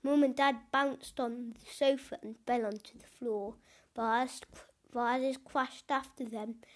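A woman hosting a storytelling corner, reading a children's storybook aloud in a gentle manner with small stumbles. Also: fairly high pitch, steady tone, slow pace. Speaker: storyteller and show host.

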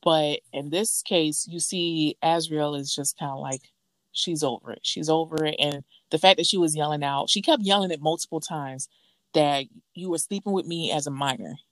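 Woman co-host, casual gossip storyteller, acts out quotes, slightly low voice, dry close mic. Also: moderate pace, no room sound.

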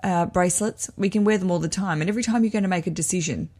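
A woman's voice: fairly low pitch, very fast, darkish tone. Candid, swearing woman host. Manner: candid, swearing, self-mocking; digressive, with frequent laughs. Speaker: host of a wedding advice show. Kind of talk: casual chat reading listener letters.

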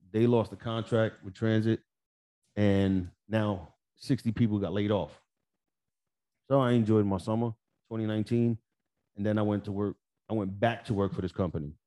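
A man telling a work story on a podcast, swearing freely and acting out the dialogue. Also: lowish voice. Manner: profane, animated, acts out dialogue. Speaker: podcast co-host. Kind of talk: casual storytelling chat.

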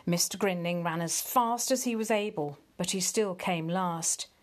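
Slow, gentle woman reading a storybook. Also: on the low side. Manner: gentle, measured, expressive reading. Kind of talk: storybook read-aloud.

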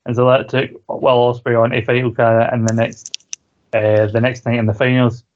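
A man's voice: medium pitch, little pitch movement, moderate pace, a little hiss or hum. A man co-hosting a podcast, chatting casually about wrestling, laughing often and swearing freely. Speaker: podcast co-host. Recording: dull lo-fi recording.

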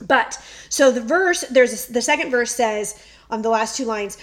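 Here a middle-aged podcast co-host shares a story in easygoing conversation, laughing a lot along the way. Her voice is a little high and she talks at a normal speed.

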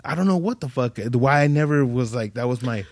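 A man's voice: mid-range voice, animated, brisk, a little mellow, no room sound, studio quality. A young adult man, a podcast guest, telling stories in rambling, profane, slangy casual talk. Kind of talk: casual storytelling.

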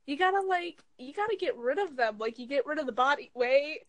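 A woman's voice: high voice, lively intonation, brisk, no echo, poor audio. A young woman in casual chat among friends, giving blunt, joking, slangy advice.

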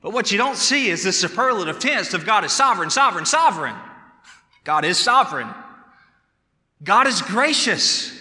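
A man preaching a sermon, emphatic, repeating words for stress and rising to loud calls. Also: sits high. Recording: echoey hall sound.

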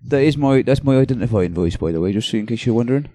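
A man's voice: mid-range voice, animated, quick pace, dark tone, no room sound, clean studio sound. A man playing a tabletop game, jokey and repeating his words as he talks. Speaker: player. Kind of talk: casual tabletop game chat.

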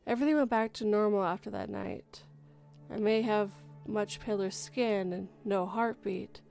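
Woman, storyteller, relaxed read-aloud, self-corrects, soft background music. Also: medium pitch, moderate pace, creaky. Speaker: story reader and livestream host. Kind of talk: reading a horror story aloud.

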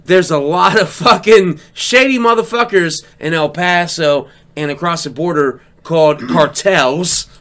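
A man's voice: fairly high pitch, a little slow, few pauses, pushed and bright. A man co-hosting a podcast in casual chat, telling rambling stories full of swearing. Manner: profane, rambling storyteller. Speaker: podcast co-host.

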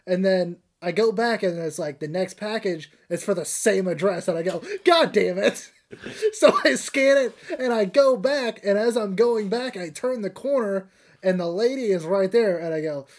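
A man's voice: sits high, normal speed, darkish tone. A young man chatting casually on a podcast, telling stories in a rambling way with frequent laughs and restarts. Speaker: podcast co-host.

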